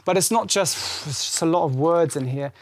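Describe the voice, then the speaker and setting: The preacher's voice is on the high side and fairly quick. He leads a church service with a lively, conversational sermon, voicing the scripture dialogue as if performing it.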